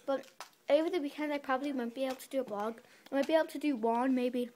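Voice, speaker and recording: A woman's voice: high voice, fast talker, warm tone, slight background noise. A young woman chatting casually in a home vlog, rambling and correcting herself as she goes. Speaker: vlogger. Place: bedroom.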